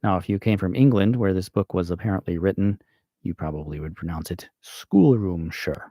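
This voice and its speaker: American guy slowly thinking out loud about grammar, lowish voice, dry close sound. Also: no echo. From United States. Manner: slow and thinking aloud, with fillers and self-corrections. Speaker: channel host. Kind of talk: casual grammar explainer livestream.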